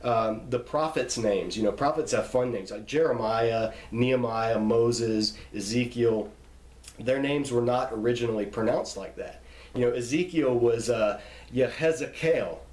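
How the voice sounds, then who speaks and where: A man's voice: medium pitch, normal speed, a little mellow. Man, Bible teacher, informal lecture, patient, repeats himself, spells words out, echoey room.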